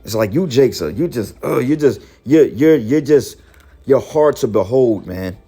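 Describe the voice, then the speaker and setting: A man giving heated, profane preaching commentary, scolding his listeners and rising to shouts. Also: medium pitch, lively intonation, unhurried, slightly rough, soft background music. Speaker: religious commentator.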